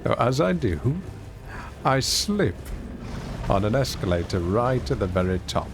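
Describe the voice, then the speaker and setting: A man's voice: lowish voice, a little slow, gravelly, noisy background. A man streaming a video game, telling rambling, self-mocking stories and reacting aloud to play. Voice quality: lively, rambling storyteller with self-mocking humour. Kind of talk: casual gameplay commentary and storytelling.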